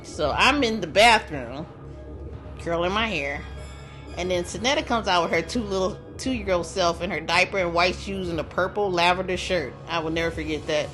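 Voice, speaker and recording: A woman's voice: lowish voice, normal speed, a bit bright. A middle-aged woman from St. Louis telling a personal ghost story in a casual, conversational way, with restarts and pointing out places as she goes. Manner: conversational, restarts and describes with gestures. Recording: music underneath.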